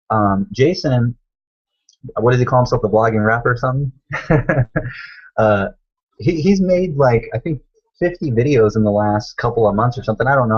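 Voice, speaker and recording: A man's voice: medium pitch, a little mellow, husky, dull audio. A man coaching viewers on a live stream, talking emphatically, repeating himself and calling them guys. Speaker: online business coach. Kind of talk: motivational live stream talk.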